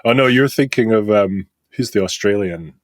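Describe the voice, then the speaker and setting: A man's voice: fairly low pitch, normal speed, no room sound. A man hosting a podcast in casual comedic chat, jokey, laughing often and swearing casually. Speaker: podcast host.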